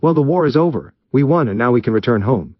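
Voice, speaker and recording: A man's voice: mid-range voice, lively intonation, quick pace, dry recording, highs cut off, voice pushed up, close to an everyday voice. A man voicing a lecherous, boastful older male ninja sage in a raised, cheerful voice.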